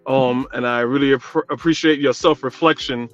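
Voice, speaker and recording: A man's voice: mid-range voice, steady tone, normal speed, dull audio, faint music behind. A man from New calling in to a radio talk show, talking casually at length with many fillers. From New York, Guyanese descent. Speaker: caller. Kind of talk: call-in radio chat.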